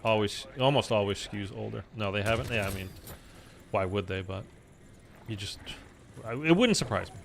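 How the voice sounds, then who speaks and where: A man's voice: lowish voice, moderate pace, vocal fry, pauses often, slight background noise. Rambling man chatting mid-game. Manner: rambling, filler-heavy talk. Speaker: live streamer. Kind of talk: casual chat while gaming.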